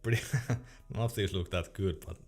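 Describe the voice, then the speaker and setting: A man's voice: sits low, moderate pace, a little mellow. A young man streaming casually, reading chat questions aloud in a laid-back way and laughing often.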